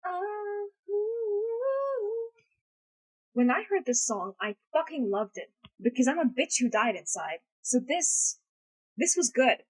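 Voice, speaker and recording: A woman's voice: very high voice, very animated, slow pace, low-quality recording. A woman chatting casually on a live stream, rambling, crude and self-mocking, swearing freely. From United States.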